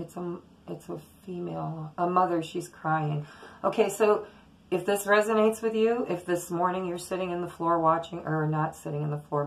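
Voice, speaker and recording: A woman with a slightly low, gravelly voice reads tarot cards for her viewers. She talks in a loose, chatty way, drifting from thought to thought as her intuitions come to her. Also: low-quality recording. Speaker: tarot reader. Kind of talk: casual daily tarot reading to camera.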